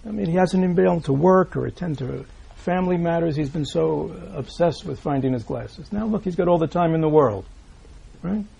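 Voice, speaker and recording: A man giving a Buddhist dharma talk, reading out a teaching and explaining it. He often checks in with listeners by asking "right?", repeats himself, and drops into soft asides. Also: fairly high pitch, a little fast, creaky, slightly rough. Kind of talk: dharma talk explaining a read-aloud text.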